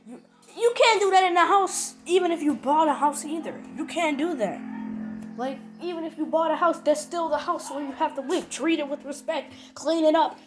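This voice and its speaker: A woman's voice: high voice, moderate pace, soft background music, rough recording. A woman channel host talking to her viewers from home in a rambling, repetitive, emphatic casual rant.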